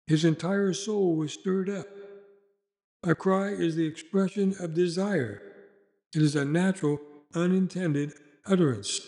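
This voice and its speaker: A man's voice: on the high side, a little mellow. A man reading a sermon aloud as a preacher, in an earnest, exhorting manner.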